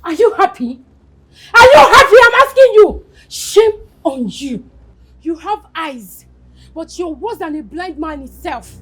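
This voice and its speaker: A furious Nigerian wife in a film drama, scornful and confrontational toward her husband. Her voice sits very high and swings widely. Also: lively intonation, slow pace, darkish tone, a little hiss or hum, low-quality recording.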